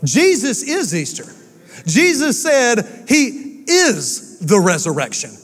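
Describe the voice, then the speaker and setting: A man, a pastor delivering an animated, emphatic sermon with quick asides. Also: high voice, big-room sound. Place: church sanctuary.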